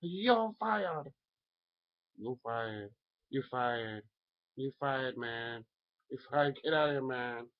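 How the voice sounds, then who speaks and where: A man impersonating a brash, blustering older male tycoon, loudly repeating a firing catchphrase. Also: medium pitch, expressive, slow pace, long pauses, pitched above the performer's own voice. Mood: bossy. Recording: dull lo-fi recording.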